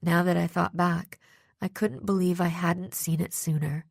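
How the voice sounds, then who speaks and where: A woman reading a first-person audiobook narration in a steady, even storytelling manner, close to the microphone. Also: on the low side, measured pace, vocal fry, no echo. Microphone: close studio microphone.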